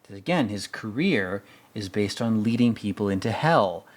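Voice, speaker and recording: Speaking at a normal pace with lively intonation, this fairly low-voiced man muses his way through a casual film commentary. He acts out quotes as he recounts scenes, frequently dropping almost to a whisper.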